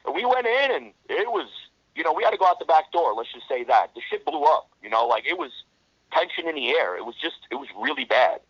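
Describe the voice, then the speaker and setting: A middle-aged man, telling rough street stories in a casual interview, blunt and heavy on the swearing. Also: fairly high pitch, sing-song, brisk, a bit bright, dry recording. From New York. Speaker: interview guest. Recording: dull lo-fi dry recording.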